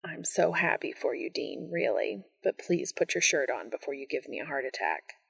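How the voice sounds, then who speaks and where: A woman voicing a shy, tender young man in love, speaking softly and low in a hushed voice. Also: expressive, moderate pace, vocal fry, breathy edge, heavily acted.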